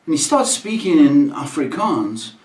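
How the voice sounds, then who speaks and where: A man from England hosting a livestream, telling comic stories in an exasperated, animated rant that bursts out loud. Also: on the high side, measured pace, roomy sound. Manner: exasperated, animated ranting with sudden loud outbursts. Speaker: livestream host. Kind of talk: comedic storytelling rant.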